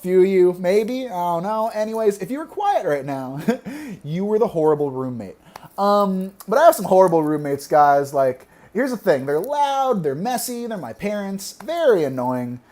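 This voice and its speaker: A young man performing a stand-up comedy set, delivering deadpan one-liners and laughing at his own jokes. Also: sits high, moderate pace.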